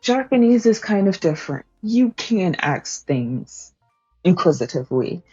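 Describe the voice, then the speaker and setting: A woman's voice: on the low side, very animated, unhurried, dark tone, husky, no echo. A woman streamer casually explaining language points to her chat, chatty, with lots of fillers, laughs and swearing. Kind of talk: casual study-stream teaching. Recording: slightly dull, dry home stream mic with faint music.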